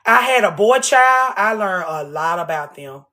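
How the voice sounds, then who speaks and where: A woman's voice: medium pitch, lively intonation, unhurried, sharp tone. A woman hosting a casual livestream from home, talking bluntly and with lots of profanity, hammering her points with repetition. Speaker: livestream host. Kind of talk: casual unscripted livestream monologue.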